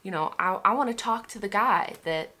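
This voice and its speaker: A woman's voice: medium pitch, normal speed, sharp tone. A young woman vlogger telling a personal story candidly, swearing and restarting often. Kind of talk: emotional personal story vlog.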